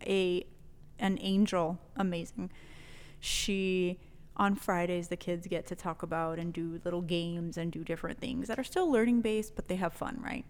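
A woman from New Mexico telling a personal story in casual conversation, animated, swearing freely and laughing often. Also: fairly low pitch, moderate pace, long reverb tail. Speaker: podcast guest telling a story.

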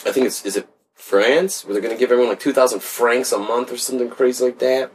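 A man's voice: medium pitch, quick pace, a little hiss or hum. A man co-hosting a podcast in casual banter, with crude jokes and teasing jabs at his friend. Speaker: podcast co-host.

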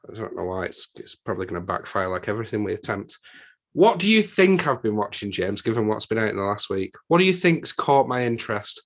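A man's voice: fairly low pitch, very animated, fairly quick. A man with a northern English accent co-hosting a movie podcast, chatting in a wry, teasing way. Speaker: podcast co-host. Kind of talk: casual chat.

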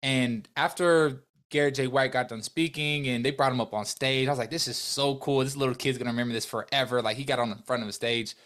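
A man's voice: mid-range voice, fairly quick, few pauses. A young man as a podcast guest, earnestly telling a personal story, acting out the dialogue and speaking openly about his faith. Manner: earnest, animated, faith-filled, acts out dialogue.

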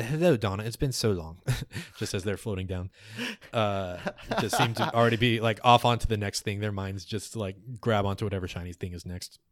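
Low-voiced man narrating a tabletop game. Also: no echo, studio quality. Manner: descriptive, with fillers. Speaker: game master.

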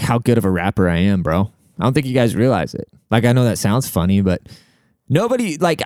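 Dude on his podcast cussing and rambling, smooth clear voice, super dry sound. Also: medium pitch, darkish tone, dry recording. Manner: profane, rambling bro-talk with filler words. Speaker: podcast host and rapper. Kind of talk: casual chat, giving relationship advice.

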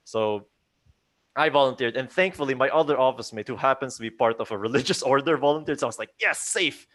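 A young man tells a spooky story to a group of friends, his voice sitting at an ordinary middle pitch. He talks casually, keeps throwing in "like", restarts his sentences, and slips into other voices to act out what people said. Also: fast talker. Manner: animated, acts out quoted voices, many likes and restarts. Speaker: storyteller on a group chat show.

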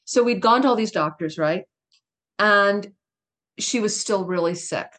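A woman's voice: mid-range voice, unhurried, a bit bright. A middle-aged woman speaking as a guest in an interview, telling a personal story in a candid, emphatic way with laughs and asides.

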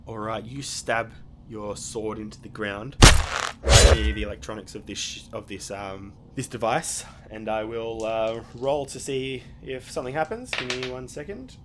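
A man's voice: lowish voice, measured pace, very noisy. A man narrating as game master of a tabletop game, rambling with many fillers and restarts.

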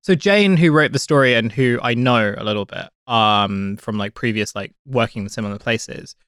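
A man talks through a story on a podcast, leaning on "like" as he goes. His voice is mid-pitched and close, with a dry studio sound. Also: normal speed, fairly bright tone, clean tone, no room sound. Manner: chatty, many "like" fillers. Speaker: podcast co-host. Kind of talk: casual podcast chat.

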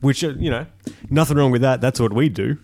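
A man's voice: mid-range voice, brisk, a little mellow, no room sound. An Australian man co-hosting a podcast in loose, profane banter. He laughs often and swears freely. The recording is close and dry. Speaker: podcast co-host. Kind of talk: crude casual banter.

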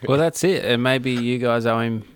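A man's voice: mid-range voice, normal speed, clear, resonant tone, no echo. Australian man, dry close recording. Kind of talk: casual chat.

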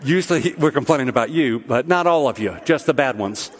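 A man's voice: medium pitch, lively intonation, fairly quick. A middle-aged man preaching a sermon as pastor, talking to the congregation in a conversational way that builds to emphatic peaks. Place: large church hall. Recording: long hall reverb.

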